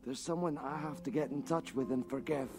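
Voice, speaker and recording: An actor playing an obese, crude, boastful man with a gravelly, bawdy voice in a film comedy. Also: medium pitch, fairly quick, music in the background, close to an everyday voice. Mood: self-pitying.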